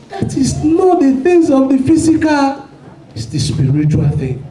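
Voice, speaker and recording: A man who is a pastor, preaching a sermon with fervor and shouting prayer declarations. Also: extremely high pitch, sing-song, normal speed, reverberant, low-quality recording. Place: church hall.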